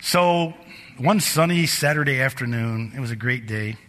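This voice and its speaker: A middle-aged man preaching from the pulpit, his bright, forceful voice carrying through a church with a long, ringing reverb. He tells personal stories with animation and lifts his pitch and volume as they build. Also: normal speed. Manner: animated storyteller, bursts higher and louder in anecdotes. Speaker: pastor. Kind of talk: sermon with personal storytelling. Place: church sanctuary.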